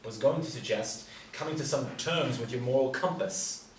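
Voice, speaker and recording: A man's voice: medium pitch, normal speed, slight background noise, lightly acted. A man playing a wry posh Briton, roomy and distant. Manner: dry, teasing, formal phrasing. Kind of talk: script reading.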